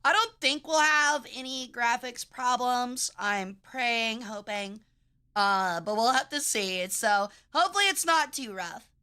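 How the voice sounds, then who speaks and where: A woman's voice: a little high, a little slow, bright, forceful tone, smooth. A woman streaming a video game, chatting casually with her viewers and arguing with them in a playful, bratty, mock-outraged way. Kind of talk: casual gaming livestream chat.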